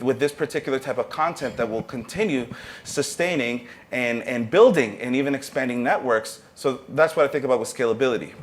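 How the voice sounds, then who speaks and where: Guy on a panel talking up entrepreneurship, earnest, pep-talk vibe, normal pitch. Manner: earnest, motivational, with brief restarts. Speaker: panelist, arts entrepreneurship professor.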